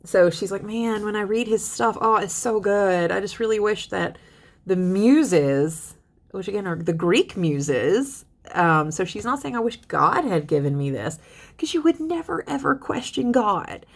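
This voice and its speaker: A young woman teaching a literature lesson in a chatty, lively way, reading poems aloud and paraphrasing them. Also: mid-range voice, unhurried, vocal fry. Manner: chatty, animated paraphrasing with laughs. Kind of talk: casual lecture with poem readings.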